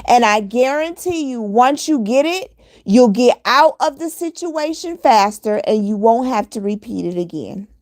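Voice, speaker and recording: A woman's voice: on the high side, lively intonation, measured pace, a little mellow, no room sound, studio quality. A woman giving an earnest motivational monologue, repeating her key points in a preachy, exhorting way. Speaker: motivational vlogger.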